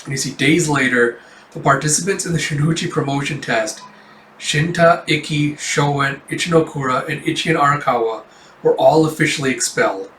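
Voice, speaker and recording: A man's voice: a little high, brisk, a bit bright, a little hiss or hum. Rambling young man in a roomy room. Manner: rambling, heavy on fillers like "you know". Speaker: manga reviewer. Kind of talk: casual reading and review. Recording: roomy, distant mic.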